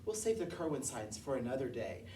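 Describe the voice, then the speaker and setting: Woman, music teacher, low voice, sings scale notes and counts, echoey room, recorded from afar. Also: sing-song, a little fast, dark tone, a little hiss or hum. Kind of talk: demonstrating a movement and singing lesson. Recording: echoey room heard from a distance.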